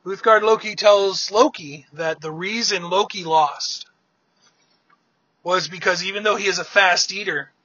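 A man's voice: fairly high pitch, pushed and bright, dry recording, muffled recording. A man casually retelling an old myth in a chatty way, often restarting words as he talks. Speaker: storyteller.

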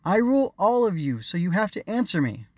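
A man voicing a proud, bossy young girl ruler in a high, bright put-on child voice, for an audiobook. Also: fairly quick, lightly acted. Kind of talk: audiobook character reading.

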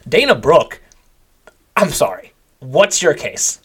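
A man's voice: on the high side, slow, husky. Opinionated man on a wrestling podcast. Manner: relaxed, opinionated, heavy on "like". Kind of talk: casual recap chat.

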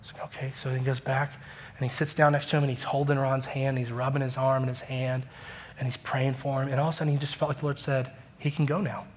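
A man preaching a sermon, telling stories and acting out quoted dialogue with lively emotion. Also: mid-range voice, fast talker, slight background noise. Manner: animated, acts out quoted dialogue. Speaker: pastor. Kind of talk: sermon storytelling.

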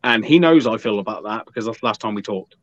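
A man's voice: on the low side, lively intonation, quick pace. A man telling a profane, rambling anecdote on a podcast, slipping into quoted voices. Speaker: podcast guest. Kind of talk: casual storytelling. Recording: dull, slightly lo-fi dry sound.

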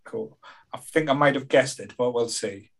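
A man hosting a casual podcast chat, relaxed and affirming, chuckling often. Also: medium pitch, moderate pace. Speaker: podcast host.

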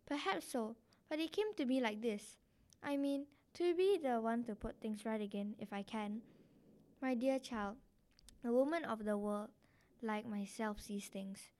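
A woman's voice: a little high, unhurried, darkish tone, lightly acted. A woman reading aloud as a worldly, meddling society lady who hints at intrigue in a gushing, insinuating way.

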